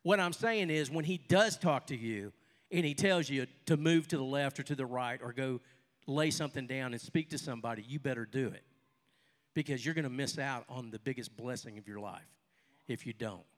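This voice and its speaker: Older preacher in an echoing hall. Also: male voice, medium pitch, normal speed. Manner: storytelling, animated with sudden loud bursts and quiet asides. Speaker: pastor. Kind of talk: sermon. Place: church hall with a congregation. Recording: long reverb of a large hall.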